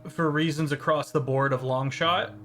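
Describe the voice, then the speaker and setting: A game master running a tabletop game, relaxed and prone to laughing asides while describing the scene. The voice sits at a middling pitch. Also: moderate pace, soft background music.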